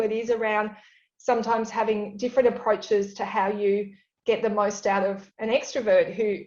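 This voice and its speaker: A woman's voice: a little high, a little mellow, dull audio. A woman speaking at an awards evening, giving candid, earnest career advice from a home office over a video call, with many fillers and restarts. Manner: self-described extrovert. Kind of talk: reflective advice talk.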